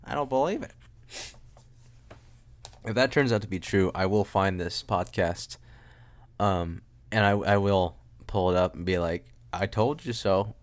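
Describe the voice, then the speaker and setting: A man's voice: low voice, a little slow. A young man hosting a solo podcast from home, rambling and joking at his own expense, often trailing off and restarting. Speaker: podcast host. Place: room at home with a loud air conditioner.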